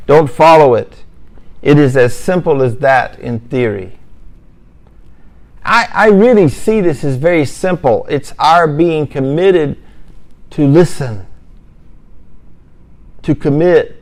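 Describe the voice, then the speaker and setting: A man teaching a religious lesson, pressing his points through repetition and folksy storytelling asides. His voice sits a little high and has a gravelly, creaky texture. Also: expressive, slow pace, pauses often, darkish tone. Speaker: Islamic lecturer.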